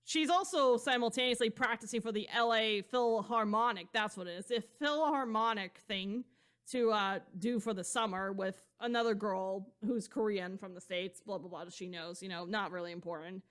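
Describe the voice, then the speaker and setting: A woman's voice: medium pitch, normal speed, a bit bright. A woman co-hosting a podcast, recapping a novel in a loose, rambling way with plenty of fillers and casual swearing. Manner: rambling, loose and profane, heavy on fillers like "blah, blah". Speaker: podcast co-host. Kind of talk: casual chat recapping a book.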